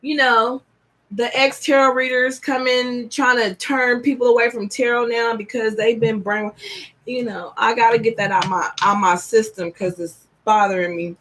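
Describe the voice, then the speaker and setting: A woman reading tarot cards on a live stream, chatty and excitable, with casual slang. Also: fairly high pitch, moderate pace. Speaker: tarot reader.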